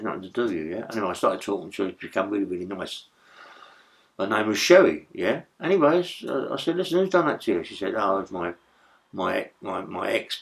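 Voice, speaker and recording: Rambling, swearing man. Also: fairly low pitch. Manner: swearing, rambling, stammering restarts. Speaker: interview guest, former prisoner. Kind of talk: casual storytelling.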